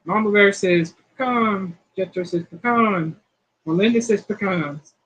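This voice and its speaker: The rough recording catches a middle-aged woman with a medium-pitched, breathy-edged voice speaking a little slowly. As host of a cooking channel's casual live chat, she reads out quiz questions in a playful, folksy manner.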